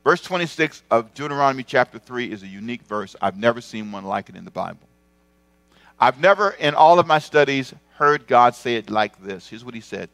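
A man preaching a sermon as pastor, animated, swinging from loud exclamations to quiet asides. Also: medium pitch, fairly quick, no echo.

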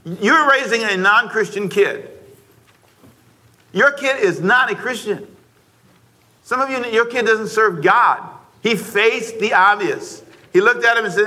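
A man preaching with a high, bright voice. He drives his points home with repeated phrases and keeps calling on his congregation to say the lines back with him. His delivery is emphatic and pulpit-ready. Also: unhurried, pauses often. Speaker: pastor. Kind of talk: sermon. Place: church before a congregation.

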